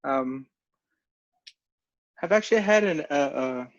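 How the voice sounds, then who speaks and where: A man co-hosting a podcast, telling a story in a halting way, with lots of fillers and restarts. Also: on the high side, expressive. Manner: halting, filler-heavy storytelling with frequent laughs. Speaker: podcast co-host. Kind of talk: casual chat. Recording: dull lo-fi recording.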